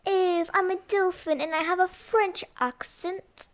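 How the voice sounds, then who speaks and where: A woman's voice: very high-pitched, steady tone, unhurried. A woman co-hosting a casual podcast, teasing her co-host and reading out the questions.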